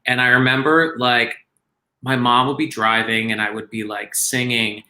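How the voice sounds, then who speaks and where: Bright-voiced man, rambling and chatty. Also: mid-range voice, level tone, moderate pace, rough recording. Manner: rambling, self-deprecating, lots of fillers. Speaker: guest performer. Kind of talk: casual video-call interview.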